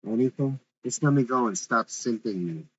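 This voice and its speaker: A man reading the part of a defiant, sharp-tongued young woman, with blunt, mocking retorts. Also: medium pitch, expressive, normal speed, highs cut off, slight background noise, natural voice.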